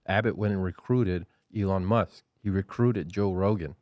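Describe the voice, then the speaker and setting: A low-voiced man co-hosts a casual comedy podcast, chiming in with relaxed, easily amused remarks. His voice sits a little low, and the sound is dry and close-miked. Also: normal speed, dry recording. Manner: laid-back, affirming, easily amused. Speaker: podcast co-host.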